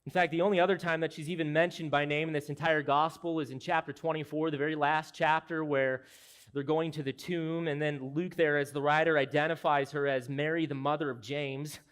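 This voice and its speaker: A man delivers an expository sermon from the pulpit, earnest and emphatic as he explains the text. His voice sits a little higher than most men's. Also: steady tone, brisk, a bit bright, smooth. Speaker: pastor.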